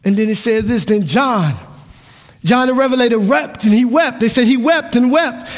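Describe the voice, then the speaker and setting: A male pastor preaching a sermon with passion, dropping to a hush and rising to shouts, sometimes half-singing his lines. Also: extremely high pitch, moderate pace. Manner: impassioned preaching, swings from hushed to shouting, half-sung lines. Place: church sanctuary. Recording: long hall reverb.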